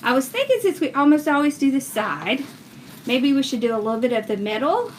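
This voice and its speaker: Speaking a bit quickly in a high, animated voice, a woman chats casually while teaching wreath making on a livestream. She reads viewers' comments aloud as she works, and the audio carries a little hiss or hum.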